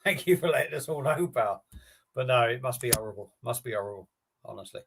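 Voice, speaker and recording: A man hosts a relaxed live stream, talking off the cuff to viewers. His delivery is rambling and matey, with easy swearing thrown in. His voice sits at an ordinary middle pitch. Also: fairly quick, creaky, slight background noise. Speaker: beer review streamer. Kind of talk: casual live-stream chat.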